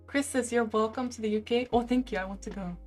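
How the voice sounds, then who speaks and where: A young woman in her twenties, a live-streamer, chatting casually and reading out viewer comments in an animated way. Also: a little high. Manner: chatty and animated, heavy use of "like".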